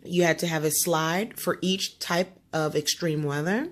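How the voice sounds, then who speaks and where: A woman teaching a student one-on-one in a homeschool lesson, coaching and often checking understanding with quick tag questions. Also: sits low, fairly even intonation.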